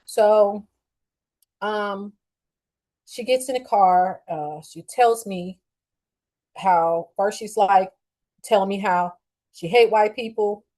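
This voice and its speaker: A middle-aged woman hosting a show, telling a story in a casual, blunt and profane way with lively swings in her voice. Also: mid-range voice, takes it slowly, long pauses, low-quality recording. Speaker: podcast host.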